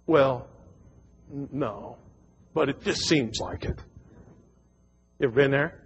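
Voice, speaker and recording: A man's voice: mid-range voice, takes it slowly, long pauses, highs cut off, a little hiss or hum. A man in his forties preaching a sermon in a church, folksy and joking, with frequent stammered repeats. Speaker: pastor. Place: church sanctuary.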